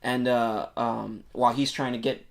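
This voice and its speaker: A man on a podcast excitedly retelling a movie plot in casual, rambling chat, full of filler words and swearing. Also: medium pitch, normal speed, gravelly. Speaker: podcast co-host.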